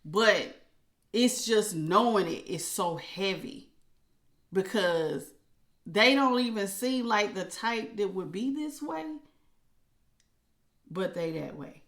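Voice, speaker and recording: A woman's voice: mid-range voice, slow, long pauses. A woman, a tarot reader talking casually and emotionally to her viewers. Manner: chatty and emotional, animated with laughs.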